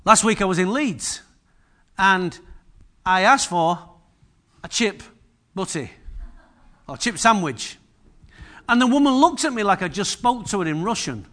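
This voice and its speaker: A man's voice: sits high, expressive, a little slow, long pauses, bright, forceful tone. A man preaching a sermon in a humorous, chatty way, often asking the congregation questions.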